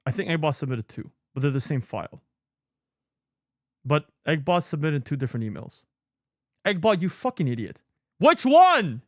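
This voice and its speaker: A man's voice: on the high side, very animated, moderate pace, pauses often, dry recording, studio quality. A man hosting a live stream, talking casually and in a scattered, muttering way while sorting files, swearing freely now and then. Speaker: streamer host.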